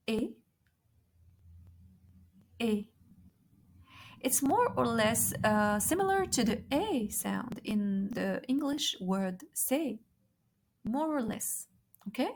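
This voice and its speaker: A woman gives a language lesson at an unhurried pace. Her voice sits a little high, and she sounds playful, repeating each word slowly for her learners. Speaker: French teacher.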